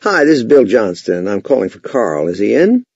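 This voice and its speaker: A man's voice: medium pitch, very animated, fairly quick, darkish tone, husky, no room sound. A man voicing a male salesperson making a cold call to an executive's office, speaking in brief, businesslike phrases. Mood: assertive. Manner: brief, businesslike phone talk. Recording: dull, lo-fi, dry sound.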